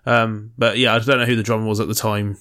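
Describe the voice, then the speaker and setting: A man's voice: fairly low pitch, flat delivery, fast, sharp tone. Dry, sardonic man talking films and bands. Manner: dry, sardonic, full of trivia. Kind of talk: casual film chat.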